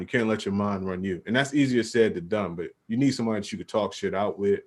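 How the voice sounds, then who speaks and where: A man's voice: fairly low pitch, fairly quick. A young man co-hosting a podcast, talking casually in laid-back slang and saying "bro" a lot. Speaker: podcast co-host. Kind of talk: casual chat.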